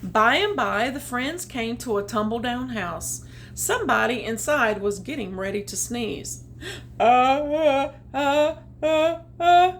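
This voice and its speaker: A woman reading a children's picture book aloud, with chatty, animated asides about the pictures. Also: on the high side, a little hiss or hum. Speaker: storytime reader. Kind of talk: children's read-aloud with commentary.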